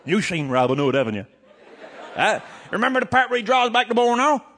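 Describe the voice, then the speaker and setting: A man with a Newfoundland accent telling a comic tall tale to a live audience, shouting and laughing as he goes. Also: high-pitched, big pitch swings, fairly quick, slightly rough, some chatter behind. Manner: rollicking, shouting and laughing through a yarn. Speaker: storyteller.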